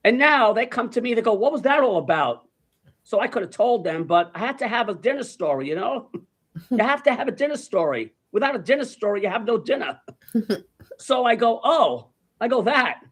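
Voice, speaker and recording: A man's voice: very high voice, expressive, a little fast. A man from New tells a story in casual chat. He swears freely and acts out the people in his story. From New York. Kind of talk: casual anecdote telling.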